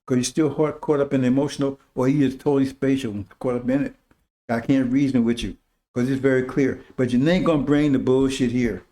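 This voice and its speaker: A man's voice: mid-range voice, steady tone, brisk, dark tone. A man preaching informally to his followers, talking emphatically in casual street slang and often asking "See?". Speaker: religious teacher.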